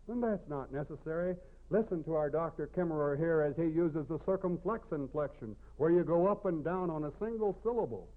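A man with a St. Louis accent, a speech instructor giving a measured, explanatory classroom lecture and showing pitch changes with his own voice. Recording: tinny lo-fi phone-like recording.

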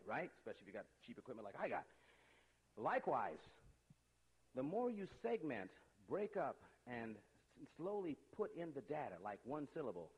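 A man giving a lively talk to a young audience, chummy and animated, speaking straight to them with quick asides. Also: medium pitch, husky, big-room sound, poor audio.

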